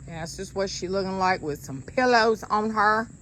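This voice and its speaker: This casual sponsored vlog has a woman at medium pitch and moderate pace, talking straight to viewers while she assembles outdoor patio furniture, slightly winded but chatty and relaxed. Background music plays, the setting is noisy, and her voice sometimes sounds distant from the mic.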